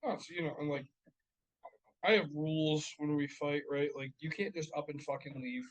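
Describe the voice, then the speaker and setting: A man's voice: fairly high pitch, steady tone, normal speed, low-quality recording. A man with a slightly raised voice tells stories about home life on a casual podcast. He swears constantly and vents in a heated, ranting way. His voice climbs sharply whenever the frustration spills over. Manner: profane, ranting, heated storytelling. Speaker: podcast co-host. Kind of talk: casual chat. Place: podcast studio.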